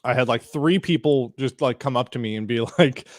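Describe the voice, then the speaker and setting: Guy rambling thru a story on a podcast, lots of likes and restarts, mid pitch, dead dry mic. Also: fairly quick, no room sound. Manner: rambling anecdote with acted-out quotes, frequent likes and restarts. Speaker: podcast host. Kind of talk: casual chat, storytelling.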